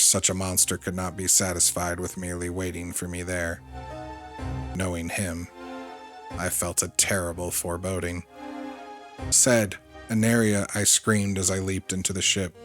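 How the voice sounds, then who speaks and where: A man hosting a game playthrough, reading the story text aloud in an earnest way, sometimes stumbling over a word and adding a quick aside. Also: low voice. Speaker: let's play host.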